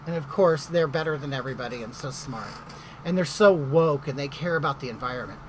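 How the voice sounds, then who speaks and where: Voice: medium pitch, fairly quick, slight background noise, low-quality recording. A middle-aged vlogger telling a story in casual chat, gossipy and indignant.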